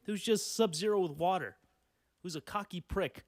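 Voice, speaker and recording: A man's voice: sits high, moderate pace, a little mellow, dry recording, studio quality. A man in his twenties hosting a solo podcast, ranting sarcastically with lots of cursing, fillers and restarts. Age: 20s. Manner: sarcastic, profane, rambling with many fillers. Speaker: podcast host.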